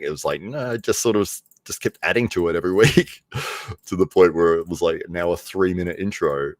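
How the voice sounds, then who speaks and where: An Australian man hosts a livestream in easygoing chat, laughing often and slipping into voices for his stories. His voice sits very low. The recording is dry, with no room sound. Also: fairly quick, no room sound. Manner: chatty, laughs often, acts out voices in anecdotes. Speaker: livestream host. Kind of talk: casual chat.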